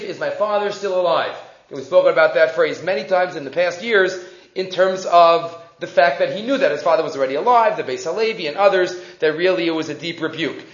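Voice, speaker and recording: Male Torah teacher, high voice, lively delivery, roomy dull recording. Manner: animated, acts out quotes with rising voice; mixes Hebrew quotes into English. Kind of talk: weekly Torah portion class.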